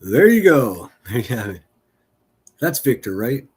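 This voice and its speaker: A man with a husky voice hosts a live stream in a loose, casual way, talking over a broadcast. He keeps up a steady run of teasing, crude jokes and laughs often. His pitch sits in the middle range. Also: measured pace.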